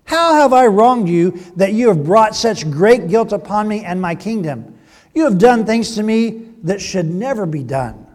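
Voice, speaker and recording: A man's voice: extremely high pitch, normal speed, a little mellow, voice pushed up. A man reading as an indignant pleading king.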